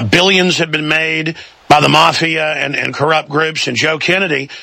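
A man hosting a political talk show, pushing his points hard with repeated restarts. His voice is high and gravelly with a sharp, forceful edge, recorded dry and close. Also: no echo. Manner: fast, forceful, repetitive restarts.

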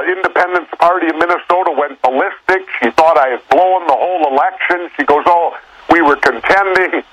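A plain-spoken man making his case as a guest on a political talk show. His voice sits somewhat high for a man, and the sound has a broadcast radio quality. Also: fairly bright tone, rough recording. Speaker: guest, former governor.

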